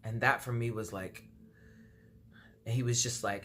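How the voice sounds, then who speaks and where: A woman's voice: rumbling low, fairly even intonation, moderate pace, slight background noise. A woman from D.C. telling a personal story to camera as a vlogger, acting out both sides of the dialogue with lots of fillers. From Washington, D.C. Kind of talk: storytime monologue.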